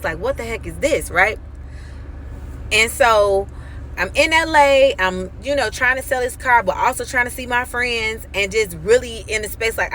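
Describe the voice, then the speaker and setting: A woman in her thirties giving an animated, emphatic faith testimony on her vlog, acting out quoted dialogue as she tells the story. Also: medium pitch, slight background noise. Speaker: vlogger.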